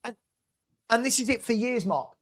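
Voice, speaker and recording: A man's voice: very high voice, moderate pace. Male host, fan chat, exasperated ranting delivery. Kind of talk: casual football fan chat.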